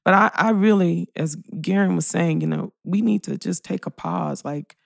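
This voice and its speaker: A woman's voice: lowish voice, normal speed, gravelly, dry recording. A woman hosting an interview podcast, speaking tenderly and directly to her guest. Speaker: podcast host. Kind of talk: heartfelt interview talk.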